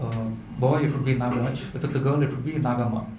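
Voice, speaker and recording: A man voicing a furious male king cobra, speaking in a halting, threatening way. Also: medium pitch, fairly even intonation, warm tone, reverberant, slight background noise, close to an everyday voice, poor audio. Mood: angry.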